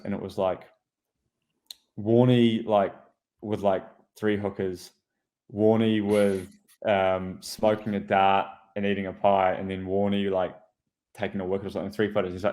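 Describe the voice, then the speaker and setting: A man's voice: sits low, little pitch movement, moderate pace, darkish tone. A man, a podcast co-host and former pro cyclist, chatting casually with dry, wry remarks. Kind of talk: casual chat.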